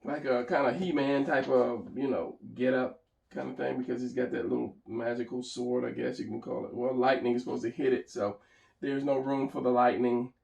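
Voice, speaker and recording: A man's voice: medium pitch, fairly even intonation, moderate pace, vocal fry, darkish tone, roomy sound, far from the mic, low-quality recording. A man thinking aloud as he talks through his drawing, casual and rambling. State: tired, hiccuping and yawning. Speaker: artist narrating a drawing session.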